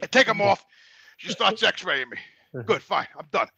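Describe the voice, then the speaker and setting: A man in his sixties with a sore back, casually telling a story on a podcast over a remote call, acting out the dialogue and getting loud and laughing at times. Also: high voice, moderate pace, gravelly, crowd noise. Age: 60s. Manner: animated, acts out dialogue, grows loud and laughing. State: sore back, a bit out of breath. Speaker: regular panelist.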